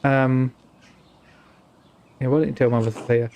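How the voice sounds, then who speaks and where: A man's voice: medium pitch, level tone, normal speed, darkish tone. A British man casually commenting as he plays, often muttering to himself. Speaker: streamer.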